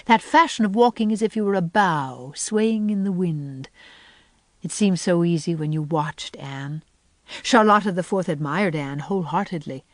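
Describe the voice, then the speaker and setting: A woman reading a classic novel aloud in measured, gentle storytelling. Her voice sits on the low side. The recording is close and dry. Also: no echo. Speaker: audiobook narrator. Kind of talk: scripted narration.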